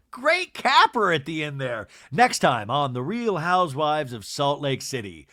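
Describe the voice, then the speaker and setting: A man hosting a podcast and recapping a reality show with gossipy, animated energy. His voice is fairly high and bright, with a sharp edge. The sound is very dry and close. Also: unhurried, few pauses, dry recording. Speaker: podcast host. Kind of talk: casual TV recap.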